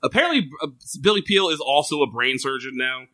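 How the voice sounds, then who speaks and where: A man with a bright, lively voice that jumps around in pitch, talking casually as a podcast co-host. He is sarcastic and swears freely, laughing often as he picks things apart. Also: a little fast. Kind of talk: casual recap chat.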